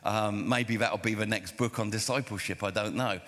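A male pastor preaching a sermon, telling stories in an animated way and acting out the dialogue. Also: on the low side, normal speed. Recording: reverberant hall.

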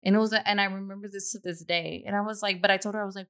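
A woman's voice: medium pitch, fairly even intonation, rapid-fire, fairly bright tone, clear, resonant tone. A woman hosting a casual podcast chat, telling a story bluntly and swearing freely. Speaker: podcast host.

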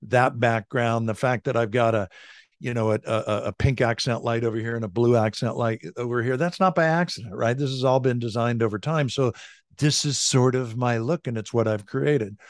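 Middle-aged man, leadership coach, conversational and energetic, mid-pitched voice, dry close mic. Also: normal speed, dry recording. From California. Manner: energetic, conversational, frequent "like" and "right?". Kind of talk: podcast interview, storytelling. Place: home office with a large bookshelf. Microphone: studio desk mic.

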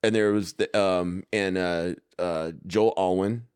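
A man's voice: low voice, fairly even intonation, slow, darkish tone, smooth, no room sound, studio quality. A man hosting a podcast, chatting casually and laughing easily with his guest. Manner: laid-back, laughs easily. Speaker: podcast host.

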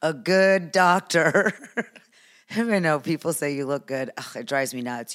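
Woman in her fifties, podcast host, playful, laughs a lot, slightly low voice. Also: moderate pace. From United States. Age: 50s. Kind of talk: casual chat.

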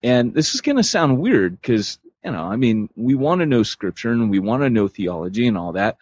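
European male podcast co-host, husky, loose rambling delivery, dull dry recording. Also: medium pitch, big pitch swings, normal speed, darkish tone, dry recording. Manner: rambling, loose, full of fillers. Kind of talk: casual chat.

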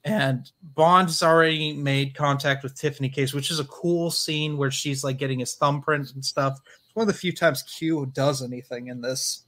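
A man co-hosting a casual film review chat, blunt and quick to call scenes dumb. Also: fairly high pitch, fairly even intonation, a bit bright. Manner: blunt, dismissive quips. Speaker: podcast co-host.

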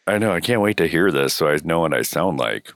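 Man with a very deep, cold-hoarse voice. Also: animated, brisk, fairly bright tone, no echo, clean studio sound. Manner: rambling, joking. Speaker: podcast co-host. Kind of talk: casual chat.

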